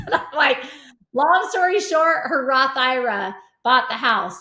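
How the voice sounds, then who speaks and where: Middle-aged woman, animated storyteller with a fairly high voice, in an echoey room. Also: moderate pace. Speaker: podcast guest, real estate investor. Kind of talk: casual conversation. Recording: roomy echo.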